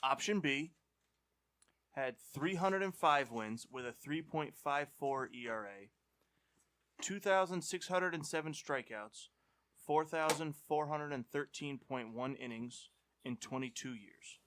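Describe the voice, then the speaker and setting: A man's voice: on the high side, animated, a little slow, fairly bright tone, a little hiss or hum. A man co-hosting a sports podcast, reading player stats out as a quiz for his friends. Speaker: podcast co-host running a quiz segment.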